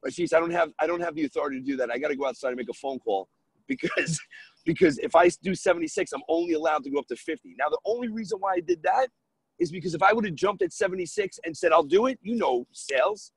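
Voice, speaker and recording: Man from New York spinning a deal story on a podcast, animated and gravelly, a bit raised in pitch. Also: quick pace, no room sound, rough recording. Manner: animated, acts out dialogue in his story. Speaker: guest real estate investor.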